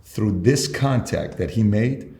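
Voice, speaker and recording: A man's voice: fairly low pitch, expressive, takes it slowly, creaky, mellow. A man being interviewed as a guest entrepreneur, telling stories and acting out both sides of conversations. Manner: acts out both sides of dialogues. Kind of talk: storytelling interview talk. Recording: roomy echo.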